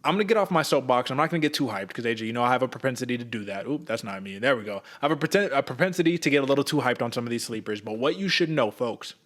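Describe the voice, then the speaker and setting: A man's voice: mid-range voice, expressive, racing, hardly any pauses, fairly bright tone. A young man co-hosting a casual sports betting podcast, hyped and slangy, calling the listener brother and folks. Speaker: podcast co-host.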